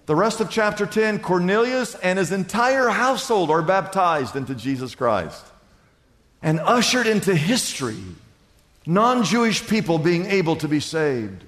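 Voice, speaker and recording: A man's voice: sits high, sing-song, measured pace, a bit bright. A male pastor preaching a sermon, telling stories and building to emphatic peaks in a large church. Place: large church in Los Angeles. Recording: echoey church hall.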